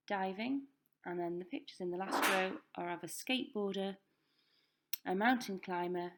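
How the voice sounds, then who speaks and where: Woman teacher with some vocal fry, patient and deliberate as she drills pupils on new words. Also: mid-range voice. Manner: slow, careful pronunciation drills. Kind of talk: recorded classroom lesson. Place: school.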